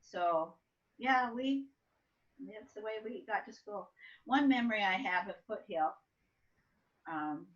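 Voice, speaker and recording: Speaking slowly with long pauses in a medium-pitched voice, an older woman tells family stories about growing up during an easygoing interview. She brings them to life by playing both her younger self and her mother. The sound is slightly muffled and dull, occasionally soft and far from the mic.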